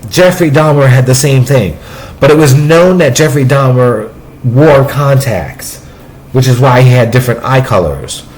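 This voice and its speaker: A man speaking in a personal, confessional vlog, in a halting way with restarts and trailing asides. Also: mid-range voice, rough recording. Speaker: vlogger.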